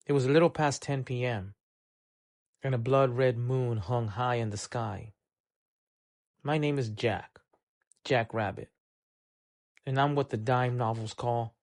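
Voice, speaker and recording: A man narrates a noir short story in a measured, unhurried way. His voice sits at an ordinary middle pitch. The recording is dry, with almost no room sound. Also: darkish tone, dry recording. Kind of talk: scripted audiobook narration.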